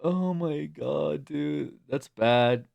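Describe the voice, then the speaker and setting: A man's voice: a little high, very slow, gravelly, muffled recording. A man chatting casually with his live-stream chat from home, swearing freely and laughing a lot as he talks. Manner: drops to a soft hushed coo when calling his cat. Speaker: livestreamer.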